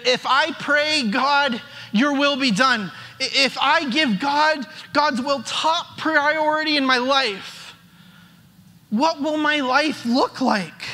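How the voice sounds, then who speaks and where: A man's voice: very high-pitched, slow pace, bright, forceful tone. A male pastor giving a conversational sermon, often repeating words as he starts a phrase. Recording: long hall reverb.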